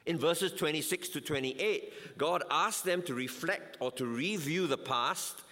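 A man delivering a sermon, reading scripture in a measured, emphatic way. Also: a little high, pushed and bright. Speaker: preacher. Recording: long hall reverb.

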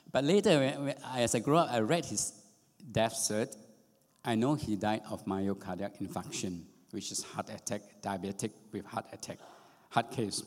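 A man's voice: lowish voice, darkish tone. A middle-aged man, preaching a sermon in an earnest way and repeating phrases for emphasis. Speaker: pastor. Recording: long reverb of a hall.

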